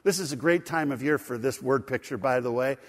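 A man's voice: mid-range voice, fairly quick. A man preaching a sermon as pastor, talking in a conversational way, asking the congregation to answer and laughing at his own jokes. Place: church sanctuary. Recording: long hall reverb.

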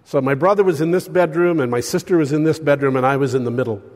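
An older man preaching a sermon, telling stories with lively swings between loud and hushed delivery. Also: a little high, quick pace, big-room sound.

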